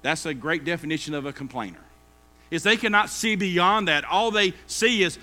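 A man's voice: a little high, moderate pace, pushed and bright. A man preaching a sermon, folksy and acting out everyday complainers. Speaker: pastor.

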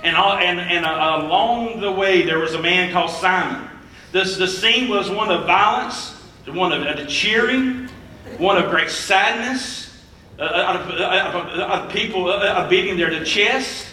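Halting preacher, bright voice, echoey room. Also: male voice, high voice, a little hiss or hum. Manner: halting, many filler sounds while reading. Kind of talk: sermon with scripture reading. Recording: echoey room, mic at a distance.

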